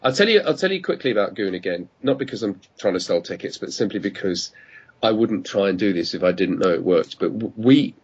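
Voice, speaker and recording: A man's voice: fairly low pitch, lively intonation, fairly quick, breathy edge, highs cut off. A man guest telling long, rambling anecdotes over a call, often stopping to correct himself and start again. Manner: rambling, self-correcting, apologetic. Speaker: guest, radio producer. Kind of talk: casual storytelling over a call.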